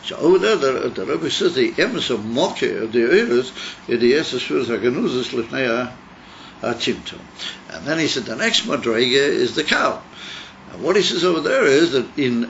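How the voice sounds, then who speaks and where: A rabbi leads a text-study lesson, explaining each idea and thinking aloud with restarts. His voice sits at an ordinary middle pitch for a man. The recording is dull and lo-fi with a faint hiss behind him. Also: animated, moderate pace, a bit bright. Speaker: rabbi teaching a class.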